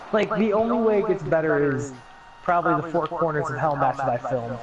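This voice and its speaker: A man telling a story on a casual podcast, animated and laughing as he goes. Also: a little high, fairly quick, highs cut off, a loud crowd. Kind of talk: casual chat.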